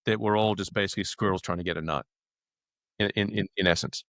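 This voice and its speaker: Low-voiced Australian man telling stories. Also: fast talker, vocal fry, no room sound, clean studio sound. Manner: animated, acts out quoted dialogue. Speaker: actor guest. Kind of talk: casual storytelling.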